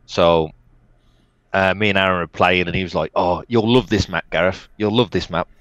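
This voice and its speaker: A man, an esports player, telling lively stories as an interview guest and laughing now and then. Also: deep voice, normal speed, no echo, muffled recording. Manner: animated anecdotes, laughs often, quotes others. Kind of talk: casual storytelling.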